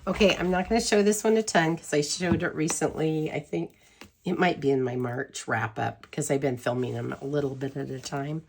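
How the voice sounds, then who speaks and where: Giggly low-voiced woman gushing. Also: brisk, gravelly, darkish tone, slight background noise. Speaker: tarot deck reviewer. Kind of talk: casual chat to camera.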